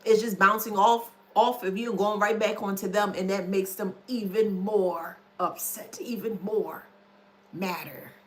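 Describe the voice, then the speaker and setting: A woman's voice: mid-range voice, fairly even intonation, measured pace, a little hiss or hum. A woman commentator in a casual monologue, blunt and scornful, who spells out words letter by letter. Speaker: online commentator.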